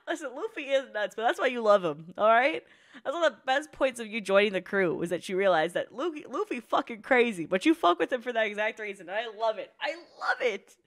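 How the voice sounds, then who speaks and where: A woman's voice: a little high, sing-song, a little fast. A young woman hosting an anime reaction video, talking in a casual, emotional and profane way. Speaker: anime reaction channel host.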